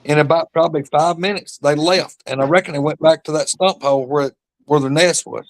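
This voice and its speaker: A man's voice: a little high, fairly even intonation, fairly quick, no room sound. A man telling a long rambling story in casual chat, addressing listeners as y'all. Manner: drawling rural storyteller, calls listeners y'all. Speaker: podcast host.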